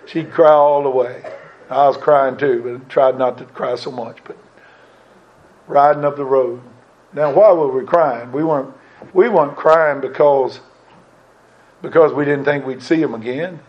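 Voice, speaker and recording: A man's voice: medium pitch, unhurried, long pauses, muffled recording. A middle-aged man preaching a sermon with fervor, his voice swelling on key lines.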